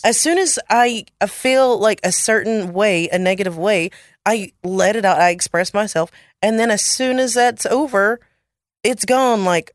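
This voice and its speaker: A woman co-hosting a podcast in a middle-pitched voice, chatting in a laid-back, easygoing way. She laughs easily, recorded close on a dry mic. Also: a little slow, no echo. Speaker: podcast co-host. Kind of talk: casual chat.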